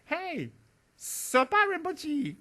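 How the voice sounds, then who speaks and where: A man voicing a small, excited boy who shouts across a yard in a bossy, cheeky way. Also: on the high side, normal speed, very noisy, voice pushed up. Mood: shouting.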